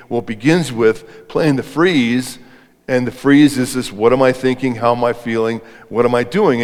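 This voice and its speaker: Man giving a talk in a reverberant hall. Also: mid-range voice. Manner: conversational, asks the audience questions. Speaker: speaker on leadership. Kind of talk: interactive live talk to an audience. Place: event hall before an audience.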